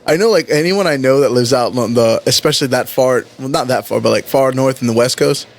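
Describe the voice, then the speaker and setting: A man chatting casually with friends, easygoing and profane. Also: medium pitch. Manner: easygoing, profane, quick to laugh. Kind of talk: casual chat.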